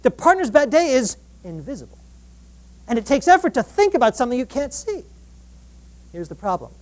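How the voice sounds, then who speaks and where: Woman lecturer at a live event, expressive and talky, often restarts mid-sentence, swinging pitch. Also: brisk. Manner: animated, acts out quoted dialogue, frequent restarts. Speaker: relationship researcher giving a public talk. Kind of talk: lively public lecture. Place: live event before an audience.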